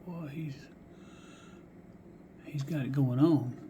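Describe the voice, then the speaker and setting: A man's voice: mid-range voice, slow, dark tone, highs cut off, slight background noise. A man showing off die-cast cars in a casual vlog, folksy and musing aloud, often dropping to a whisper. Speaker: die-cast car collector showing finds. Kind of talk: casual show-and-tell vlog.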